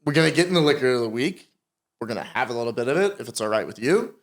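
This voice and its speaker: A man's voice: mid-range voice, lively intonation, very fast. A man co-hosting a podcast, joking and bantering in casual chat. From Connecticut, USA. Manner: joking, laid-back banter. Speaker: podcast co-host.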